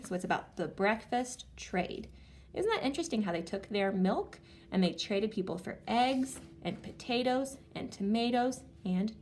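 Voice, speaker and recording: A woman teacher leading a reading lesson for young children, sounding out words slowly and reacting with animated excitement. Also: mid-range voice. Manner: animated, exaggerated excitement with gasps and slow sounding-out.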